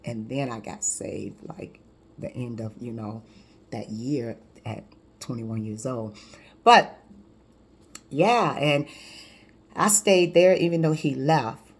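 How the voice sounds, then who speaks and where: A woman in her fifties, a life coach, telling her personal testimony in a lively, conversational way with frequent restarts. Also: extremely low pitch, takes it slowly, pauses often, breathy edge.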